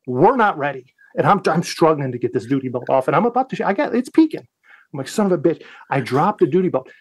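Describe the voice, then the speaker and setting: An American Navy veteran tells a story on a casual podcast, swearing freely and animatedly acting out the lines he said back then. His voice is a little high and fast, with no room sound.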